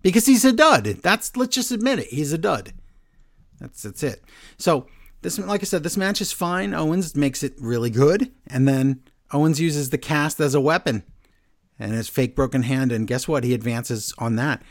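Animated joking man recapping wrestling. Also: a little high, normal speed. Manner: animated, jokey, acts out quotes. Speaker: podcast co-host. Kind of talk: casual wrestling recap chat.

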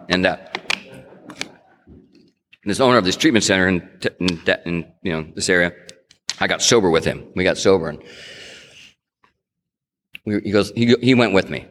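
Deep-voiced middle-aged man telling his story. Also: animated, brisk, pauses often, a bit bright, a little hiss or hum. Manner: conversational storytelling, acts out quotes, frequent restarts. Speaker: speaker sharing his recovery story. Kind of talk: personal testimony talk. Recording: long hall reverb.

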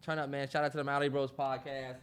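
A man co-hosting a podcast in casual chat, animated, laughing loudly and acting out what people would say. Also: mid-range voice, fast talker, clear, resonant tone. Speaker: podcast co-host.

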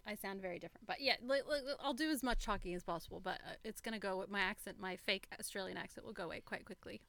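A bright, crisp-toned American woman chatting about a book with a friend, eager and talkative. Her voice sits close and dry, with no room sound around it. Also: mid-range voice, fast, no echo. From Oregon, USA. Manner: enthusiastic, chatty, reads passages aloud expressively. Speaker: podcast co-host. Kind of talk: casual book discussion.

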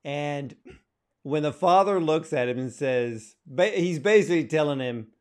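Guy interviewer, kinda high voice, gushes about the film. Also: lively intonation, measured pace. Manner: enthusiastic, praising. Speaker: interview host. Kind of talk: casual interview questions.

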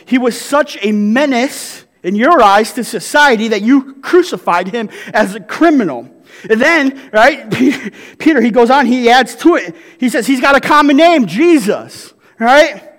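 A man's voice: extremely high pitch, animated, measured pace, fairly bright tone, big-room sound. A male pastor preaching a sermon in a conversational way, reading scripture and often checking in with the congregation with "right?".

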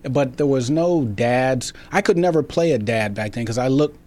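A man's voice: medium pitch, moderate pace, dark tone. A man being interviewed about his acting career, telling stories in a rambling way with many restarts and fillers. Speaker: actor guest. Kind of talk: casual interview storytelling.

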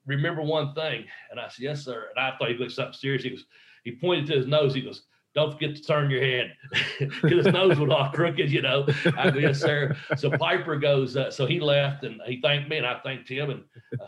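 A man's voice: medium pitch, fairly bright tone, muffled recording. A man, a professional wrestler, telling a long anecdote in casual conversation, rambling and acting out the voices of the people he quotes. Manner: frequent fillers and restarts.

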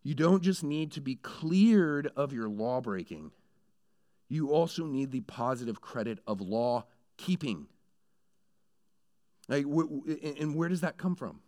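A man preaching a sermon in a conversational way who builds into animated storytelling. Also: mid-range voice. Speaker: pastor.

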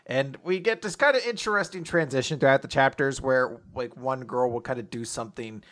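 A man's voice: mid-range voice, brisk, a bit bright. A young man hosting a podcast, casually and chattily recapping a comic chapter. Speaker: podcast host.

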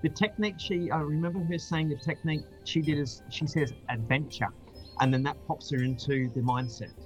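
A man's voice: on the high side, steady tone, a little fast, muffled recording, soft background music. A man from Australia with an Australian accent, chatting casually as a guest on a video call, laughing easily and restarting often. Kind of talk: casual chat.

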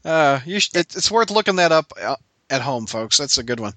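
Lively high-voiced man, laughing podcast banter. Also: no echo. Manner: quick agreeing interjections, laughs often. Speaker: podcast co-host. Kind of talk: casual chat.

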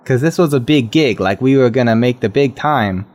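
A man's voice: medium pitch, normal speed, darkish tone. A man in a tabletop role-play, speaking in character as a brash, confused young musician, casual and profane. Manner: casual, profane, street slang. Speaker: player.

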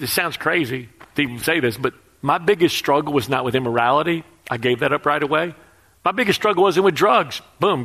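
A middle-aged man preaching a sermon, telling a personal story with animated delivery and questions to his audience. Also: mid-range voice.

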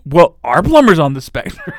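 A man co-hosting a podcast, telling stories in a casual, profane and animated way. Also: mid-range voice, normal speed, dry recording, studio quality. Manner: profane, animated storytelling with frequent laughs. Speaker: podcast co-host.

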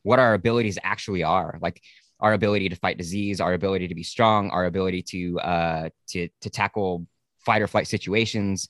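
Deep-voiced man hosting casually. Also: fairly quick, no room sound, studio quality. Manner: relaxed, frank, occasional swearing. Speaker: podcast host. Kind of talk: casual podcast conversation.

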